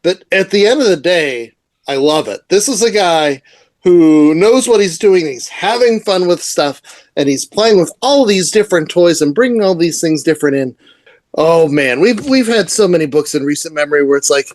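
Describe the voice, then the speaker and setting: Excitable man gushing in podcast chat. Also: a little high, moderate pace, no echo. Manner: enthusiastic, rambling, laughs often. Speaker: podcast co-host. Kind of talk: casual comic book review chat.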